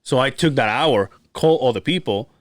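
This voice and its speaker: Profane storytelling podcast host, lively. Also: male voice, mid-range voice, a little fast, no room sound. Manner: profane, animated storytelling with acted-out quotes. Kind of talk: casual storytelling chat.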